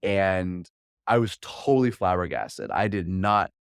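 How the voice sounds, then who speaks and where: A man's voice: deep voice, animated, a little slow, clear, resonant tone, no echo, clean studio sound. A man in his forties, a podcast guest and coach, telling a personal story in an earnest, candid way with frequent restarts.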